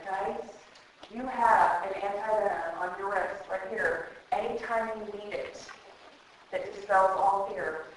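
A woman preaching at a retreat, lively and emphatic, repeating words for effect. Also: mid-range voice, far from the mic, slight background noise. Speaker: retreat speaker. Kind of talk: sermon. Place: hall at a church retreat. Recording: echoey hall.

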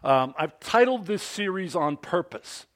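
A male pastor preaching a sermon at a church service, telling a story with animated delivery and frequent questions to the congregation. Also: high-pitched, measured pace.

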